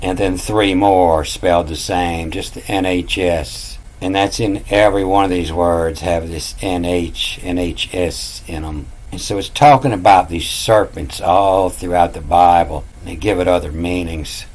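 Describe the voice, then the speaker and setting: A man's voice: sits low, fairly even intonation, measured pace, few pauses, a little mellow. An older man talking casually and in a rambling, folksy way about word origins, drifting into asides. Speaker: channel host.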